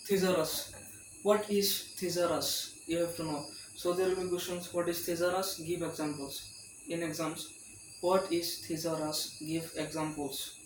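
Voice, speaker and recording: A man's voice: a little high, flat delivery, measured pace. A male tutor giving an exam-prep lecture, reading questions aloud and reassuring students in a repetitive way. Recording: roomy, distant mic with loud insect noise.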